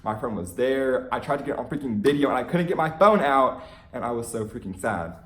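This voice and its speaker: A young man telling an excited fan story in a casual vlog, gushing and full of "like"s. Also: mid-range voice, a little fast, echoey room. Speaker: vlogger.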